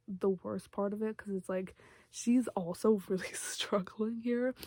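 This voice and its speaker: A woman's voice: medium pitch, creaky, warm tone, no echo. A young woman vlogger chatting casually about a book and its TV adaptation, gushing and rambling with lots of filler words. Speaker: vlogger reviewing a book and its TV show. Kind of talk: casual chat.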